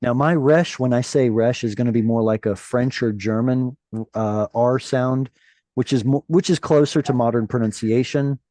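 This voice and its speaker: A patient man leads an online reading class, praising his students and explaining each point step by step. His voice is mellow and dry, close to the mic, heard over a video call. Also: mid-range voice, normal speed, dry recording. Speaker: Hebrew teacher.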